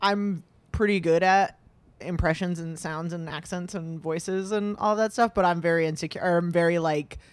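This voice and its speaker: A young woman co-hosts a podcast in easy, casual chat. Her voice sits a bit low and she rambles, circling back through fillers and restarts. The sound is dry and close, with no room around it. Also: normal speed, clear, resonant tone, no room sound. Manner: rambling, filler-heavy, animated. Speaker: podcast co-host.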